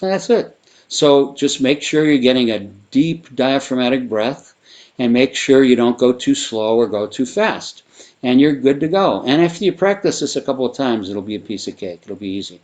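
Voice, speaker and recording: Male sound therapy teacher, mid-pitched, loose and rambling, guided exercise delivery. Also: moderate pace. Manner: relaxed, rambling, with frequent fillers and restarts. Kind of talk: guided vocal exercise instruction.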